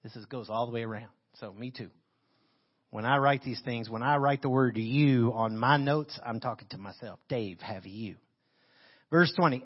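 A man preaching a sermon as pastor. He reads scripture and comments on it with animated emphasis into a handheld microphone. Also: mid-range voice, normal speed, slightly rough, muffled recording.

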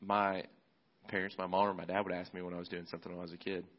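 A man preaching a sermon as a pastor, relaxed and conversational, often restarting his phrases. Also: low voice, rapid-fire, lo-fi sound.

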